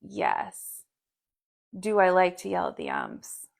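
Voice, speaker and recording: A woman's voice: on the low side, takes it slowly, creaky. A woman in her thirties co-hosting a podcast, telling stories in casual chat with lots of fillers. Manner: animated storytelling with many fillers. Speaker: podcast co-host.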